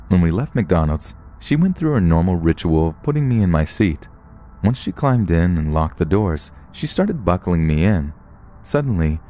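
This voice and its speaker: A man with a very low, dark voice narrates scary true stories. His pitch moves a lot as he tells them, rising and falling with the story. The telling is scripted and steady. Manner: storytelling, puts on short voices for quoted people.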